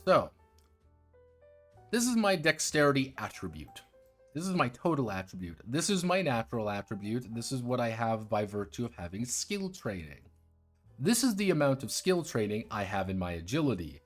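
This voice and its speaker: Medium-pitched and very animated, a man talks at normal speed with faint music playing. Casually reviewing tabletop roleplaying games on stream, he's sardonic and irreverent, swears freely, and walks his viewers through the rules.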